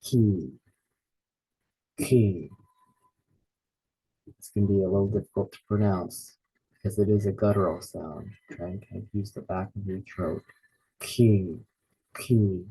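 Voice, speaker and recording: A man teaching a lesson, saying each word slowly and repeating it with care. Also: deep voice, steady tone, mellow, slightly rough, poor audio. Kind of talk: slow spoken lesson naming Greek letters.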